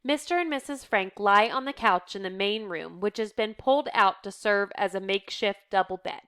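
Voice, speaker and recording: A woman reading the stage directions of a play aloud in a steady, measured way. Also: mid-range voice, clear, resonant tone. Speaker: reader.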